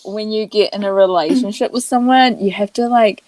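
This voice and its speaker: A woman's voice: mid-range voice, moderate pace, a little mellow, rough recording. A woman in her twenties co-hosting a podcast, chatting casually and reacting to her friend's story with short remarks and questions. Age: 20s. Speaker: podcast co-host. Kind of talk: casual chat.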